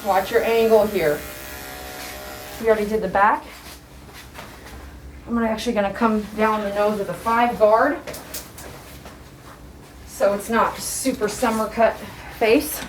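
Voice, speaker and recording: A woman groomer speaks in a mid-range voice with fairly even intonation, at a measured pace with frequent pauses. She talks to the dog, coaxing and scolding it during the trim, then explains each step; the distant mic picks up room echo and buzzing clippers.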